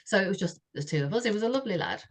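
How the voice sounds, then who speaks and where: A woman's voice: mid-range voice, animated, racing, slightly rough. A woman, a podcast co-host telling a personal story in a chatty way, often laughing and saying "you know". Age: 60s.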